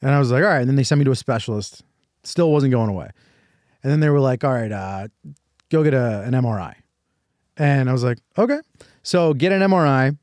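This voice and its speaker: A man's voice: medium pitch, animated, brisk, pauses often, a little mellow, dry recording, studio quality. A man hosting a podcast, telling a long personal story in a rambling way, full of "like" and restarts, acting out what others told him. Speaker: podcast host. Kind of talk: casual storytelling chat.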